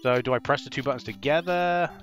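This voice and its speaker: A man giving excitable first-impressions commentary while playing an old console game, swearing and yelping at enemies. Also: medium pitch, quick pace, soft background music. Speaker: gaming channel host. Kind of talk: let's play commentary.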